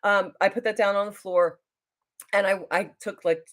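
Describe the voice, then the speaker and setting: A woman, a beauty vlogger telling a story on a casual livestream at home. She rambles, loses her train of thought, and jumps into high, excited voices when she quotes people. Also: moderate pace. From New Jersey.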